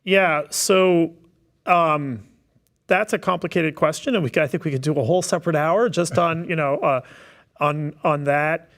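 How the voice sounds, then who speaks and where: A man's voice: fairly high pitch, moderate pace, fairly bright tone. A man talking on a webinar as a task force member, thoughtful and explanatory, with many fillers and restarts. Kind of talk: webinar discussion. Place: online webinar.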